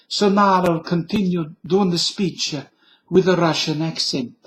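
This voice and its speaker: A man introduces his comedic video in a casual way, stopping often on filler words. His voice sits a little high for a man. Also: measured pace, fairly bright tone. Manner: hesitant, many filler words.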